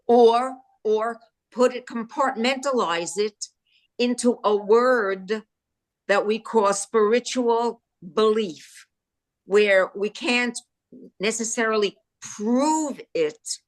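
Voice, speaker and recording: A woman's voice: fairly high pitch, slow. A woman in a class, asking a question hesitantly and searching for words with many restarts. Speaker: class participant.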